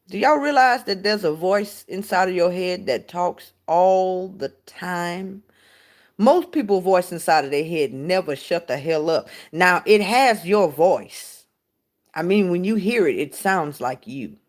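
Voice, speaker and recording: A woman hosts a casual spiritual talk, and her voice swoops up and down with lively, expressive pitch. She talks frankly, swears freely and keeps putting rhetorical questions to her listeners. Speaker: podcast host.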